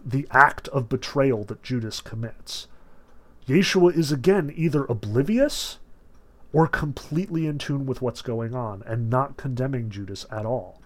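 A man lecturing on a novel, emphatic and animated, with sudden surges of stress and casual asides. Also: mid-range voice, a little slow. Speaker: literature lecturer.

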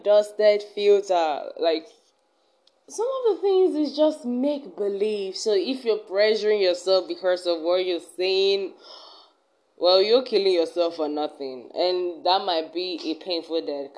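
A woman's voice: mid-range voice, darkish tone. A young adult woman hosting her own vlog, talking in a chatty, earnest way and often restarting her sentences. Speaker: vlog host. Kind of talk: casual self-talk vlog.

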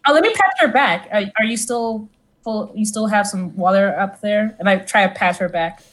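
A woman's voice: medium pitch, moderate pace, fairly bright tone. A woman playing a tabletop game in character, eager and gushing, tripping over her words. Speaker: player.

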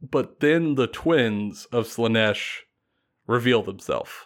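A man casually retelling a fantasy battle story on a podcast, animated and laughing often. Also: medium pitch, takes it slowly.

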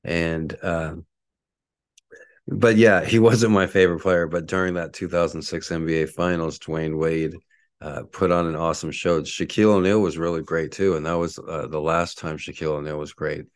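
A man's voice: low voice, steady tone, moderate pace, no echo. A man hosting a solo sports podcast from his apartment, rambling with lots of fillers. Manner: angry ranting at a neighbor outside. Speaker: podcast host. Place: apartment at home.

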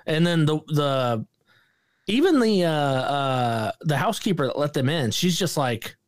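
A sarcastic man riffing through a casual podcast movie review, now and then mimicking characters in goofy voices. His voice sits a bit high, recorded close and dry with no room sound. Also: very animated, measured pace, no room sound. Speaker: podcast co-host.

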